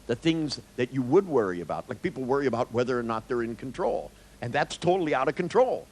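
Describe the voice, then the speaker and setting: A man's voice: mid-range voice, animated, fast, a little mellow, low-quality recording. A man, a therapist, giving a live seminar talk, telling stories with jokes and blunt swearing. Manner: joking, storytelling, blunt, with swearing.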